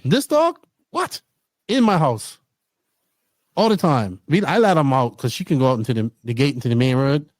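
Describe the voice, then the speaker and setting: A middle-aged man hosting a podcast, chatting casually and telling stories in an animated way, swearing freely. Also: mid-range voice, dry recording. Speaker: podcast host. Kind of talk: casual chat.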